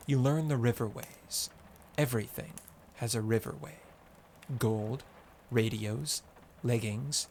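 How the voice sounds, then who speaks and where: A man voicing a calm female trader who speaks low and close to a monotone. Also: a little hiss or hum. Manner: near-monotone, unemotional.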